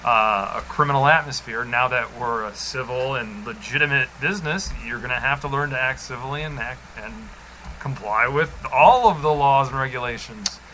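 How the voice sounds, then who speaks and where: Bright-voiced amused man co-hosting. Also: medium pitch, normal speed, slight background noise, poor audio. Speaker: podcast co-host. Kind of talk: casual podcast chat.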